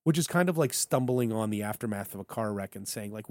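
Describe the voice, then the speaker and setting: A man co-hosting a podcast in casual political banter, animated and jokey, slipping into funny voices for quotes. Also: medium pitch, brisk, few pauses, dry recording. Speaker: podcast co-host.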